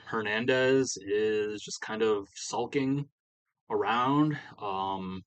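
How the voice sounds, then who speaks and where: A man's voice: fairly low pitch, fairly bright tone, rough recording. A young adult man casually recapping a wrestling management sim in a rambling way, full of "you know" fillers. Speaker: let's play creator.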